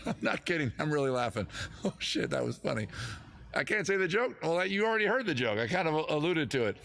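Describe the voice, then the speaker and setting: A man's voice: on the high side, very animated, a little fast, vocal fry, a bit bright. A man hosting a live comedy stream with a guitar, rambling, self-mocking and giggling at his own jokes. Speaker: host.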